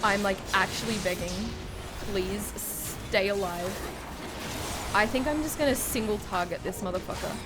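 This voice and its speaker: Talking fast with hardly a pause, a woman with a mid-range voice and lively intonation narrates her gameplay on stream. She's a bit drunk, swearing and muttering to herself and to chat, with bursts of panicked shrieking. Game music runs clearly underneath, and there's background noise.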